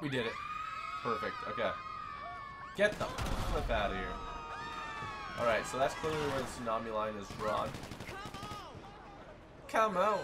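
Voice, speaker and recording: A young man giving excited commentary while playing a video game, often breaking into loud bursts of surprise. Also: mid-range voice, a little slow, pauses often, very noisy. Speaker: gaming YouTuber.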